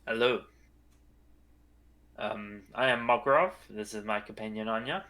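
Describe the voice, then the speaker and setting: A man playing a tabletop game, speaking in character in a polite, steady, slightly formal way. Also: on the low side, measured pace. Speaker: player. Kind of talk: in-character tabletop role-play.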